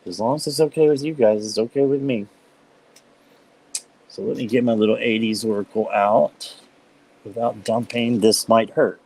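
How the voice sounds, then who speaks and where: A man hosting a live stream, chatting casually with viewers by name and reading tarot cards, upbeat and quick to laugh. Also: mid-range voice, steady tone, darkish tone, poor audio. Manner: chatty and upbeat, laughs often while talking; talks directly to viewers by name.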